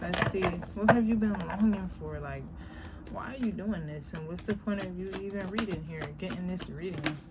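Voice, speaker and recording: A woman giving a casual tarot reading, talking bluntly and profanely, animated and laughing often. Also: fairly low pitch, normal speed. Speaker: tarot reader. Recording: background noise.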